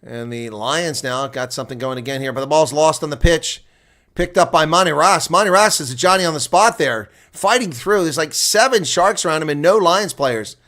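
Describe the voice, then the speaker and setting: Bright-voiced male rugby play-by-play commentator. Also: fairly high pitch, moderate pace. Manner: excitable, rising to near shouting on attacking plays. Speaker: live reaction commentator.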